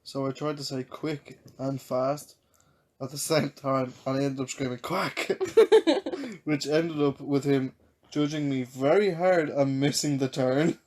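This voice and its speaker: A woman's voice: extremely low pitch, lively intonation, a little slow, a little mellow. A woman in her twenties with an Irish accent, co-hosting a podcast, reading anecdotes and telling stories in casual chat, giggling often. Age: 20s. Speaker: podcast co-host.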